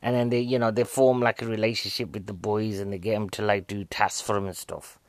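A man's voice: lowish voice, little pitch movement, brisk, no echo. Chatty man reviewing a film. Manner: chatty, jokey and rambling. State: a bit out of breath. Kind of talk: casual spoken film review.

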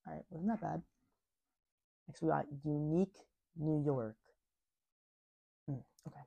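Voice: mid-range voice, normal speed, creaky, long pauses, dark tone, slightly rough, dry recording, dull audio. A vlog host chatting casually and doing tongue twisters, speech slightly slurred by a dental retainer, stumbling and laughing at the slips.

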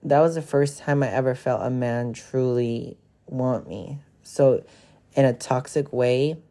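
A Californian man in his twenties speaks unhurriedly in a medium-pitched, dark-toned voice. As a podcast host, he shares a personal story confessionally and casually, rambling along with lots of fillers and swearing freely.

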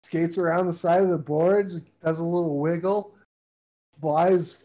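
A man's voice: fairly high pitch, steady tone, a little slow, dark tone, lo-fi sound. A man who is a guest on a podcast, chatting casually and rambling with lots of fillers. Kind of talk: casual chat on a call.

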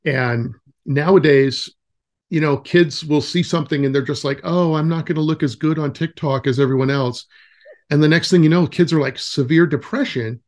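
Speaking at a normal speed in a voice on the high side, a man in his forties who directs a nature camp tells stories as a casual interview guest. He rambles, with frequent fillers and restarts.

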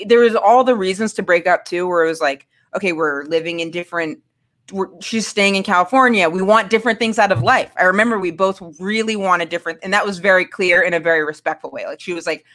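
A woman's voice: medium pitch, a little fast. Candid woman telling a personal story. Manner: candid, animated, acts out quoted voices. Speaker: storyteller guest.

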